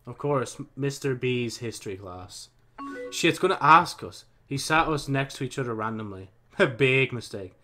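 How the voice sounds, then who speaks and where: A man's voice: medium pitch, moderate pace, few pauses, fairly bright tone, soft background music. Casual young man reading game chat aloud. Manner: casual, mumbling, swears freely, reads and types as he talks. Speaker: gaming channel host. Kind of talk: let's play commentary, reading chat lines aloud.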